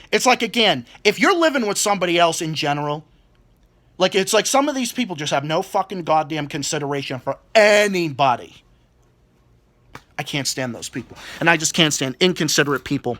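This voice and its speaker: A man's voice: fairly high pitch, pushed and bright. A man in his twenties ranting angrily about people at his job, swearing constantly and stumbling over repeated words. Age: 20s. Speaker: vlogger. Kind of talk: angry rant.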